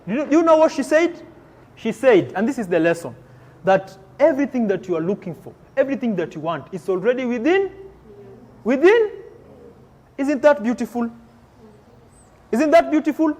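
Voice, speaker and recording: A man giving an energetic motivational talk to students in a school hall, leading call-and-response chants. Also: very high-pitched, a little fast. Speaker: motivational speaker. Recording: reverberant hall with crowd.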